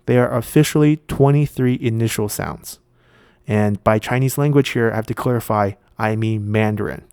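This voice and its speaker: A video essay host explains a lesson patiently, step by step, with lots of filler sounds. His mid-range voice has a darkish tone, and the studio-quality recording carries no echo.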